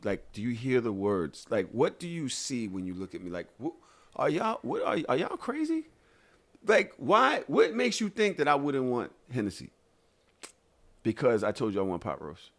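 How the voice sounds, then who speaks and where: A man co-hosting a podcast, ranting in casual chat with swearing and exasperated questions. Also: mid-range voice. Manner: animated, exasperated, swears and rants. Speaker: podcast co-host.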